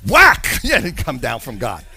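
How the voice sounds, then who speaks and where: A man preaching a sermon with animated delivery, acting out Bible characters in playful voices. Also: medium pitch, a little slow, vocal fry, husky. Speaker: pastor.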